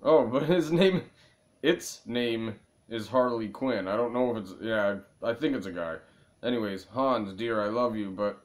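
A man's voice: on the low side, measured pace. A young man hosting a casual let's play video, making crude jokes and grumbling asides at the screen. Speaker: gaming video host.

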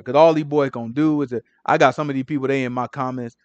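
Animated high-voiced male Bible teacher. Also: very fast, hardly any pauses, dry recording. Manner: animated, acts out scripture figures, stutters. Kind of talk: casual Bible study preaching.

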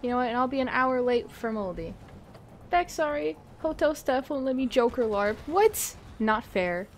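A woman's voice: fairly high pitch, lively intonation, normal speed, slight background noise. A young adult woman streaming a game live, chatting casually, swearing freely and laughing often. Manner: giggly and profane, laughs often. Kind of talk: casual chat while gaming live.

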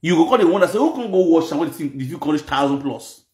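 This Nigerian Pidgin-accented man delivers a gossipy rant, mocking and scolding while repeating phrases to drive them home. His voice is a little high and slightly mellow, quick, with lively intonation, captured in an echoey space.

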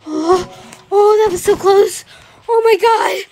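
A woman voicing Fluttershy, a timid gentle young female pony, talking through a video game and gasping at every fright. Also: extremely high pitch, sing-song, a little slow, full character voice. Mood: nervous. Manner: easily frightened, gasps and soft exclamations. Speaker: gamer. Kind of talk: playing a video game in character. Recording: constant background noise.

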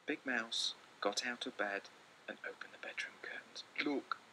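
A man reading a children's picture book aloud with lots of expression, often dropping into hushed whispers. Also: mid-range voice, fairly even intonation, moderate pace, low-quality recording. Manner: theatrical, slipping into hushed whispers. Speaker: storyteller.

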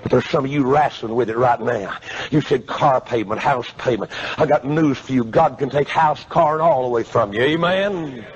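A man preaching a revival sermon, swinging from quiet pleading to shouting. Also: mid-range voice, moderate pace, few pauses. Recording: muffled lo-fi sermon tape.

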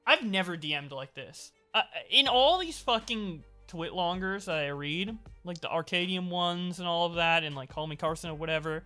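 A male streamer reads documents aloud during live commentary, scoffing and exaggerating the quoted lines. His voice is bright and forward. Soft music sits faintly underneath. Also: high-pitched, normal speed, hardly any pauses.

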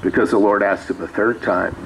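Low-voiced man preaching casually. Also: steady tone, fairly quick, vocal fry, fairly bright tone, a little hiss or hum, poor audio. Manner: conversational, reads scripture aloud with asides. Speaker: pastor. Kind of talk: sermon. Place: small church sanctuary.

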